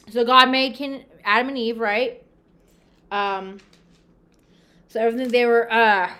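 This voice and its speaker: A woman's voice: mid-range voice, sharp tone. A woman casually and earnestly retelling Bible stories to her viewers, full of restarts and acted-out quotes. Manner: earnest, repetitive, addresses viewers as "you guys"; many restarts and fillers, acts out quoted lines. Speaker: religious video host. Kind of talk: casual Bible talk to camera.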